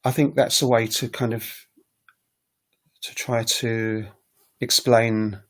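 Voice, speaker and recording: A man's voice: mid-range voice, little pitch movement, slow pace, a bit bright. A man teaching on a casual livestream, talking in a rambling, hesitant way with many fillers. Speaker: language teacher and recorder player. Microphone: webcam livestream setup.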